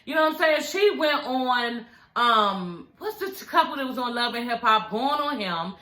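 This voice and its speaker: A young woman vlogger recaps a reality show in a high, bright voice, gossiping and cursing casually as she talks to her viewers. Her voice bounces around a roomy, echoey space. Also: normal speed. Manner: gossipy, animated, swears freely, addresses viewers as y'all.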